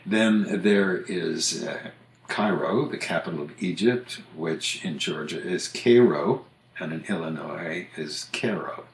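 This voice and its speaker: A very deep-voiced older man chats casually as a podcast host. He muses aloud, stops to correct himself and starts over. His voice rings in a roomy, echoey space. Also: a little slow, gravelly. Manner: musing, self-correcting, chatty. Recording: roomy echo.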